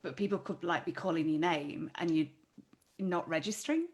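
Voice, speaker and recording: A woman's voice: on the low side, moderate pace, a little mellow. A woman hosting an online conversation, musing thoughtfully aloud over a video call. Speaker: host.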